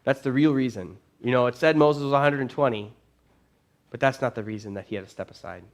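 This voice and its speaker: Preach as a male pastor in a church, telling the story with lively, casual energy, your voice rising and falling as the scene heats up. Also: medium pitch, a little fast. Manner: animated storytelling, casual phrasing. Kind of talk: sermon.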